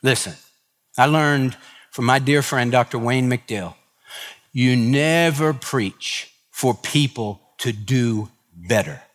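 A man's voice: medium pitch, slow pace, in a large hall. A man preaching a sermon as pastor, impassioned, acting out both sides of conversations. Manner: impassioned preaching with acted dialogue.

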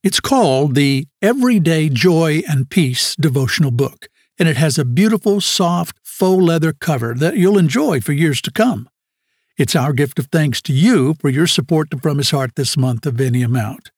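A male announcer reading a scripted radio ministry promo in a smooth promotional manner. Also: on the high side, expressive, moderate pace, dry recording, studio quality.

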